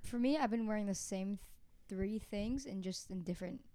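A woman's voice: medium pitch, brisk, warm tone, no echo. A young woman co-hosting a casual podcast chat, rambling with lots of fillers and easy laughs. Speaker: podcast co-host.

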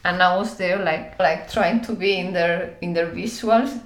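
A woman, telling stories as an interview guest in a lively way, acting out voices and using many fillers. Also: fairly low pitch, measured pace, reverberant. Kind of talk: conversational storytelling.

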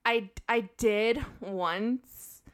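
A woman's voice: a little high, very slow, clear, resonant tone. A young woman co-hosting a podcast, talking frankly in casual chat with stumbling restarts. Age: young adult. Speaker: podcast co-host.

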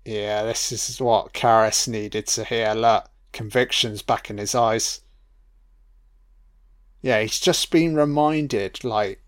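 A man's voice: lowish voice, slow. A man giving a casual film commentary, musing aloud with plenty of swearing and fillers.

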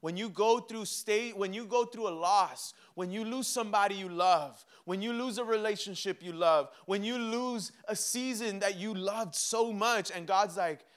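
A young man preaching a sermon, animated and humorous, acting out little dialogues with himself and God. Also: high-pitched, moderate pace, hardly any pauses. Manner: mixes laughter and humor into preaching. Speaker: pastor.

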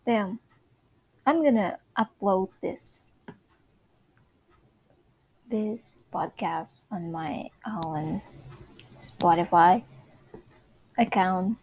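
A woman's voice: mid-range voice, extremely slow, long pauses, a little mellow, husky, poor audio. A woman hosting her first solo podcast, chatting nervously and rambling. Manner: nervous, rambling and self-conscious. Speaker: podcast host. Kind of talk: casual solo chat.

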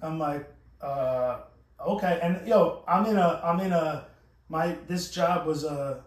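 A man tells a meandering, profane story, full of restarts and quoted lines. His voice sits a touch high. He sounds set back from the mic in an echoey room. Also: a little slow, recorded from a distance. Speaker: podcast host. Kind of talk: casual storytelling chat.

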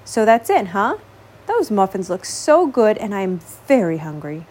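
A woman voicing a big, hungry, overweight male dragon in a storybook reading, with a slow rumbling delivery. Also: very animated, a little mellow. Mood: demanding. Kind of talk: storybook read-aloud.

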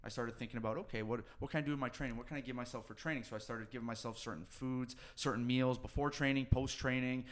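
A nutritionist and weight-cut coach chatting on a podcast, telling his story quickly, swearing freely and acting out what people said. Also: medium pitch, steady tone. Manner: fast storytelling, swears often, acts out quotes. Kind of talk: casual podcast chat.

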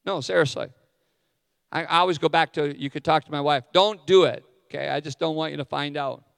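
A man's voice: a little high, fairly even intonation, brisk, vocal fry, a bit bright, smooth, clean studio sound. A middle-aged man preaching a sermon as a pastor, candid and self-deprecating in his asides. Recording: long hall reverb.

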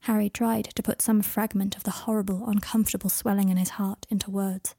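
Husky woman reading fan fiction calmly. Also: mid-range voice, a little fast, hardly any pauses, no echo, clean studio sound.

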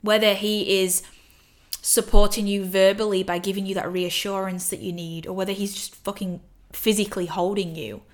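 An earnest young woman talks through her solo podcast in a casual, emphatic way, with the odd swear word for punch. Her voice sits at an ordinary middle pitch. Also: level tone, moderate pace. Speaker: podcast host.

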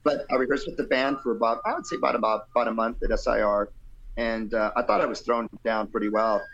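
A man's voice: medium pitch, fairly even intonation, quick pace, fairly bright tone, lo-fi sound. A middle-aged man, a guest musician, telling a loose anecdotal story in an interview and acting out the quotes.

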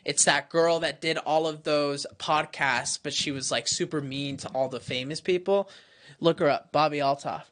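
A podcast co-host telling gossip in casual, animated chat. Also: mid-range voice, normal speed.

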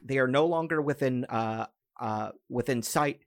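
A man's voice: mid-range voice, unhurried, no echo, clean studio sound. A man narrating a tabletop game as game master, casual and full of filler words.

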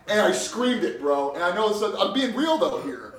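A young man co-hosting a podcast, telling stories in a profane, animated way. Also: high voice, moderate pace, background noise. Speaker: podcast co-host. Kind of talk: casual chat. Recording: roomy sound, distant from mic.

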